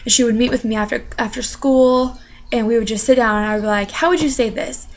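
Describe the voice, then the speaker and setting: A young woman speaks about her studies in a relaxed, rambling way. Her voice sits a little high. She leans on fillers and restarts as she goes. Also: fast. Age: young adult. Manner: chatty, many fillers and "you know". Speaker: interpreting student. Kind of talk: casual personal account.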